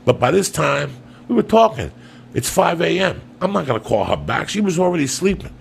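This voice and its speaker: A man's voice: a little high, big pitch swings, fairly quick, gravelly, a little hiss or hum. A man, a comedian and podcast host, telling a long profane story in a rambling, loose way.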